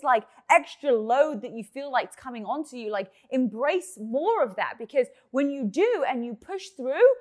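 Female motivational speaker, high pitch, upbeat, emphatic delivery. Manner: upbeat, emphatic, filler-heavy pep talk. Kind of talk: motivational monologue.

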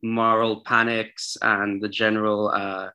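Bright-voiced male guest from South Africa. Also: lowish voice, flat delivery, unhurried, clean tone. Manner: sardonic, long run-on answers. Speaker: podcast guest, historian. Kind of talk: casual interview.

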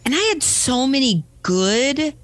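A high-voiced American woman tells a story as a guest in a casual interview, unhurried yet animated, acting out quoted voices and often asking "right?". The recording is dry.

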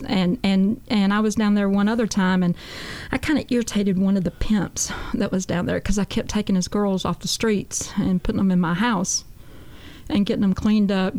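A woman's voice: medium pitch, mellow. A woman guest on a talk show, telling her testimony in an earnest, folksy way and often repeating "I said.". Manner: earnest, folksy storytelling with a lot of "I said".

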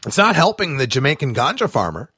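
A man hosting a talk radio show, delivering an animated, sarcastic monologue with plenty of fillers and asides. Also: medium pitch, fast talker, breathy edge, no room sound, studio quality.

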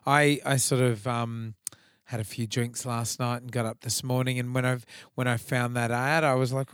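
Swearing Australian bloke on a podcast. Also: male voice, medium pitch, little pitch movement, normal speed, fairly bright tone, smooth, dry recording, studio quality. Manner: swearing, rambling banter. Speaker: podcast co-host. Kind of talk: casual chat.

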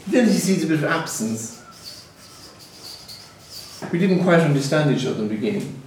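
A man with an Irish accent, a native Gaelic speaker, giving a reflective spiritual talk in a musing, gently humorous storytelling manner. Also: a little high, expressive, moderate pace, a little hiss or hum. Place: hall with a live audience. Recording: very echoey hall, mic far off.

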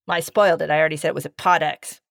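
A woman co-hosting a casual podcast, excitable and quick to blurt things out, with profane jokes. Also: low-pitched, creaky, no echo, clean studio sound. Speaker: podcast co-host. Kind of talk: casual chat.

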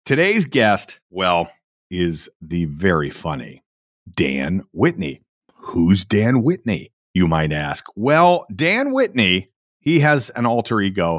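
A man's voice: on the low side, no room sound. Guy hosting a podcast, bouncy up and down delivery, dry close mic. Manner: lively, animated delivery. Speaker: podcast host. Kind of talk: scripted ad read and show intro.

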